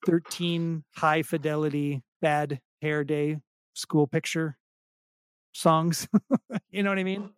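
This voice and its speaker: A man's voice: a little high, fairly even intonation, slow pace, smooth, dry recording, clean studio sound. A middle-aged man talking casually as an interview guest, self-deprecating and rambling with many restarts. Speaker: podcast guest, singer-songwriter.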